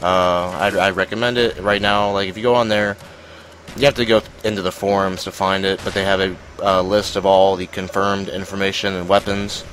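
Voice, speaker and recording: A man's voice: deep voice, flat delivery, moderate pace, fairly bright tone, a little hiss or hum, low-quality recording. A young man giving casual gameplay commentary, rambling and self-deprecating, with lots of fillers and restarts. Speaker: gaming commentator.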